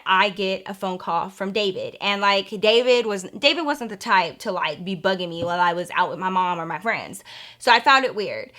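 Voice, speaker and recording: Bright-voiced young woman telling a story. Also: medium pitch. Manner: animated, acts out quoted voices, addresses viewers as y'all. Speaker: storytime vlogger. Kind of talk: casual storytelling.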